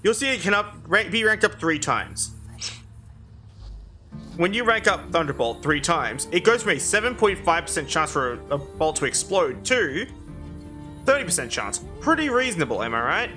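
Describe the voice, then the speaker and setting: A man's voice: on the high side, very animated, moderate pace, pushed and bright, soft background music. A young man from Canada giving casual gameplay commentary as a streamer, laughing often and swearing freely.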